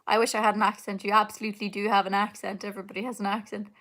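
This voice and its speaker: Her mid-range, fairly bright voice stays level in tone but races along very fast. She's a young woman and singer, casually hosting a live Q&A indoors at home, answering comments on her stream and rambling with many fillers and laughs.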